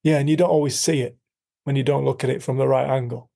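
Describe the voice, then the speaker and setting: A man's voice: medium pitch, fairly even intonation, fast, creaky, dark tone. A middle-aged man, a coach, talking candidly in an interview, earnest and frank, repeating himself and swearing now and then. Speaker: coach and podcast guest. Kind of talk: candid storytelling conversation.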